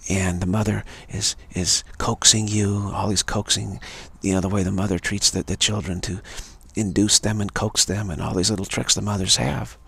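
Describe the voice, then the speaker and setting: Man, spiritual talk, extremely husky, emphatic, repetitive. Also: fairly low pitch, steady tone, moderate pace, few pauses, a bit bright. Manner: earnest, emphatic, given to repetition. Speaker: spiritual speaker.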